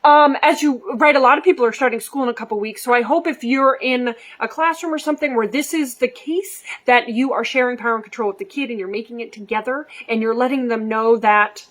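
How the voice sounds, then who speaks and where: A middle-aged woman, a behavior coach, telling a story casually to camera and acting out the quoted voices with lively energy. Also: fairly high pitch, fairly quick, hardly any pauses. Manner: animated, acts out quoted voices.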